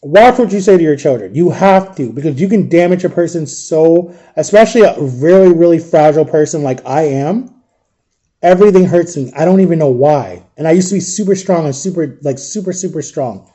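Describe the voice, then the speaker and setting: A tearful man speaks straight to his viewers in a raw, confiding monologue. His voice sits a little high for a man and has a mellow, soft tone. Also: expressive, fairly quick. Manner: addresses viewers directly. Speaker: vlogger. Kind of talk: emotional storytime monologue.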